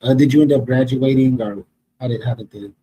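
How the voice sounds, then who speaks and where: Male podcast host, dark husky voice, laid-back and easygoing. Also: mid-range voice, brisk, poor audio. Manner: relaxed, easygoing, asks questions. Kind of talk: casual interview chat.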